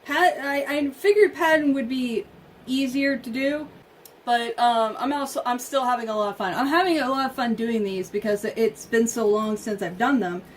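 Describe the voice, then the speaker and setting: High-voiced woman chatting from a distance. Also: moderate pace. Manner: chatty, talks to herself while working. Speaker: vlogger. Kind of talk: casual chat while doing makeup. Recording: distant mic with faint room noise.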